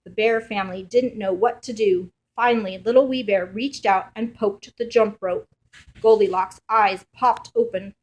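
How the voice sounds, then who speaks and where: A woman reading a children's picture book aloud as a storyteller. Her telling is expressive and playful, suited to young listeners. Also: medium pitch, moderate pace.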